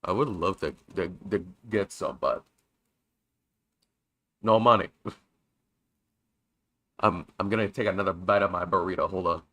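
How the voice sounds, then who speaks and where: A young man casually chatting while playing a story game, reading its lines aloud and joking loudly between them. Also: low-pitched, unhurried, long pauses, no room sound. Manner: chatty, jokey, reads game lines with loud outbursts. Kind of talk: casual let's-play commentary reading dialogue aloud.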